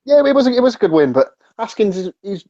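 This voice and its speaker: A man co-hosts a casual podcast and talks quickly, with a lively, animated voice. He keeps the conversation moving, and his lo-fi mic sounds dull and dry. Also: high voice. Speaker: podcast co-host. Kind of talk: casual chat.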